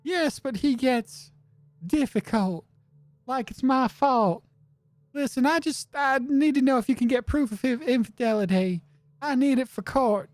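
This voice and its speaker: A man's voice: measured pace, darkish tone, dry recording. A man putting on an anxious otter wife. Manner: pleading, higher girlish voice. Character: worried otter wife seeking a detective. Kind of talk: game dialogue read aloud.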